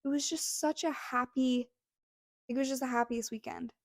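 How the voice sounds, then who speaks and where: A young woman with a fairly high voice tells a story on a podcast, gushing and emotional, with lots of fillers. She sounds close to tears. The recording is close and dry. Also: fairly even intonation, moderate pace, darkish tone, dry recording. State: near tears. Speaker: podcast co-host. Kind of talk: casual storytelling chat.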